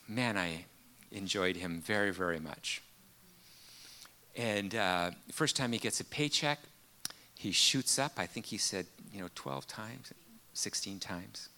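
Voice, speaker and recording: Bright-voiced man preaching a sermon. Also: fairly low pitch. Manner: earnest, storytelling, many fillers.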